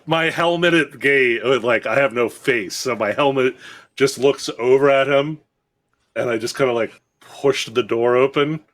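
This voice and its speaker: A man's voice: medium pitch, unhurried, fairly bright tone. A man playing a tabletop game, describing his actions casually and hesitantly. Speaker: player.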